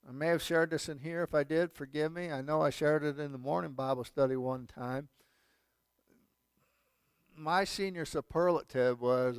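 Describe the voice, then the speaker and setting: A man's voice: medium pitch, moderate pace, smooth, no room sound. A male pastor giving a sermon, emphatic, with repeated phrases and casual asides. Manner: emphatic preaching with repetition and asides.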